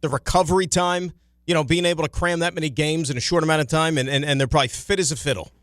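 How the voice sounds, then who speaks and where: A man's voice: a little high, fairly even intonation, fast talker, fairly bright tone, no room sound. A man co-hosting a sports radio show, chatty and emphatic in his opinions, in a studio. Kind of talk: casual sports talk.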